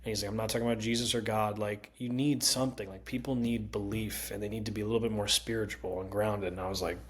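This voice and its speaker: A man on a podcast as a comedian guest, telling animated stories with swearing and lots of laughter. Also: fairly low pitch, quick pace, a little hiss or hum. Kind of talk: casual podcast chat.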